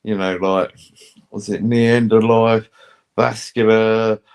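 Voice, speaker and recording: A man's voice: on the low side, fairly even intonation, takes it slowly, darkish tone, clear, resonant tone. A man chatting casually on a live stream, telling rambling stories, swearing and acting out other people's voices. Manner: rambling storyteller, swears, acts out quoted voices. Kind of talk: casual chat.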